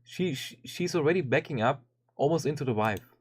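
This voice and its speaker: Animated swearing male streamer. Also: fairly high pitch, a little fast, breathy edge. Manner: animated, repeats and restarts, swears often. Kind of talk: casual commentary on a video.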